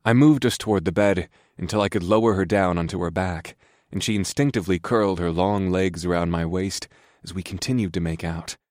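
A man narrating a story in the first person in a calm, steady, soft-spoken way. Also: low voice, a little fast, no room sound, clean studio sound.

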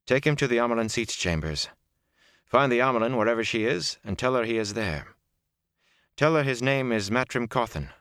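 A man reading an audiobook, voicing a calm, commanding woman healer who speaks in a level, measured way. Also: medium pitch, no room sound, clean studio sound, pitched above the performer's own voice. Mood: composed.

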